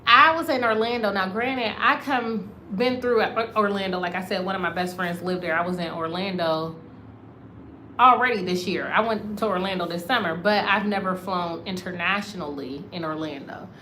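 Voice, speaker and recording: An American woman vlogging, telling a story to her viewers in a casual, animated way and calling them y'all. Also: medium pitch, moderate pace, a little hiss or hum. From United States. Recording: roomy echo, faint ambience.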